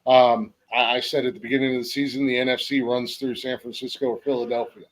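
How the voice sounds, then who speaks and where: A man's voice: mid-range voice, flat delivery, quick pace. Easygoing man hosting a football podcast. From Ohio. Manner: easygoing, many fillers. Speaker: podcast host. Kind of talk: casual sports chat.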